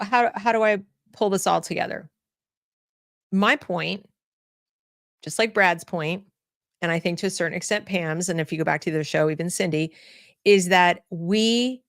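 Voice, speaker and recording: A woman's voice: lowish voice, vocal fry, no echo, studio quality. A woman hosting an opinion commentary show, talking bluntly, often repeating words and restarting her sentences. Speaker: host.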